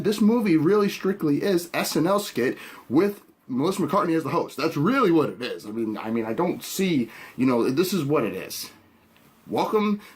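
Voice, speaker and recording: A man's voice: on the high side, husky. A man hosting a podcast, giving a blunt, opinionated reaction with casual swearing. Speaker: podcast host.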